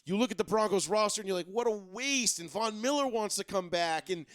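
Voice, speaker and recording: A man hosting a sports talk show, talking casually and excitably, rambling and swearing often. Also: sits high, fast talker, no room sound. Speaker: sports radio host.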